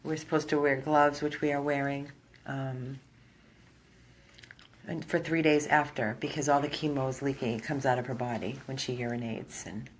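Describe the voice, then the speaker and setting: A woman with a low voice narrates a phone video for an animal rescue from inside a room. She speaks earnestly and with feeling, straight to her viewers, with a faint hiss of noise under her. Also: steady tone, moderate pace. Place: indoor room.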